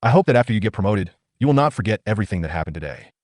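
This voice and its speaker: A man's voice: lowish voice, big pitch swings, racing, a little mellow, dry recording, clean studio sound. A man voicing an earnest, grateful young male commander who speaks formally in a manga recap. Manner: formal, dutiful speech.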